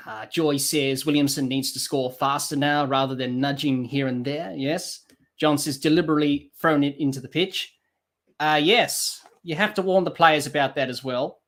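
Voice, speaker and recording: A man doing live cricket commentary for a podcast, rising excitedly on the play and dropping quiet to read viewer comments. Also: moderate pace. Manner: lifts pitch and volume for the action, drops low to read comments and chat.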